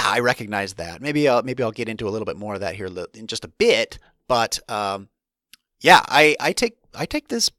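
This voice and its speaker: A man's voice: on the low side, sharp tone, no echo, clean studio sound. Rambling man hosting a solo podcast. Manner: rambling, restarts often, candid. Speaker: podcast host.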